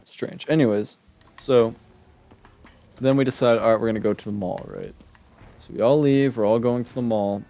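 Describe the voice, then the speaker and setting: A man's voice: medium pitch, normal speed, pauses often, mellow. A young man streaming a game, telling a long personal story in a casual, rambling way with many fillers and restarts. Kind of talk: casual storytelling while gaming.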